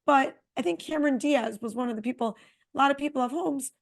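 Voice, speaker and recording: A middle-aged woman co-hosting a podcast, chatting casually and telling a long, animated travel story. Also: sits high, quick pace, gravelly. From Connecticut. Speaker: podcast co-host. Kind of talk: casual chat.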